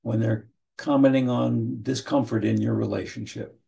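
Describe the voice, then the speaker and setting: A man teaching counseling skills in an online training session, speaking in a measured way, often repeating his first words and briefly acting out what a client and a counselor might say. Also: mid-range voice, steady tone, creaky, mellow. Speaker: trainer teaching motivational interviewing. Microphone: video call.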